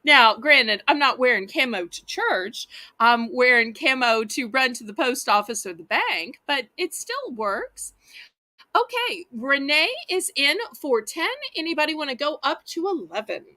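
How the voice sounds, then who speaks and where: A woman's voice: high-pitched, expressive, normal speed, hardly any pauses, pushed and bright, no room sound. A woman with a Southern US accent hosting a live online auction, chatting in a folksy way and talking straight to her viewers. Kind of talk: live-stream auction selling.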